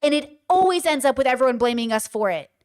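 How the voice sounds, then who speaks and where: Woman with a somewhat high voice for a casual livestream; blunt, animated and emphatic delivery. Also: fast. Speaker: livestream commentator. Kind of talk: casual livestream storytelling and commentary.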